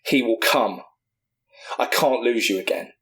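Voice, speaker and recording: Casting: an urgent, pleading mysterious woman, read by a man in his mid-range voice while pitching a film scene. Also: measured pace, a bit bright.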